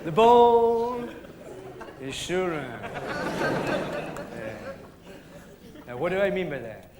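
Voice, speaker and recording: A man's voice: high-pitched, very animated, extremely slow, over a noisy crowd, heavily acted. A man with a Scottish accent impersonating a rambling, forgetful older football pundit who loses names mid-sentence. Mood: hushed. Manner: rambling, forgetful, full of "you know" and "eh?". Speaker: comedian doing an impression. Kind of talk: live sketch comedy. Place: live stage before an audience. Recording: live hall with audience and noise.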